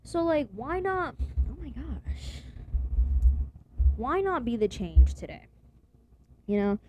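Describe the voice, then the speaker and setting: A young woman talks straight to her viewers in a rambling, slang-heavy rant, swearing freely. Her voice sits a little high, with a faint hiss of noise behind it. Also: very animated, slow, a little mellow. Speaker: vlogger. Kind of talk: casual profane rant to camera.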